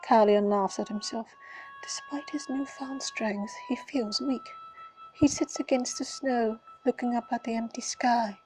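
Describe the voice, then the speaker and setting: A woman reading a fantasy story aloud in a breathy, dramatic whisper. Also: a little high, steady tone, unhurried, darkish tone, faint music behind, rough recording. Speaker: reader.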